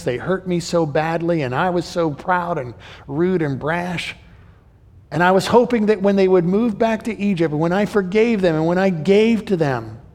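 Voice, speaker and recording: Animated male preacher in a reverberant hall. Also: a little high. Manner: animated, voices the brothers and Joseph in paraphrase. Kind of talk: sermon.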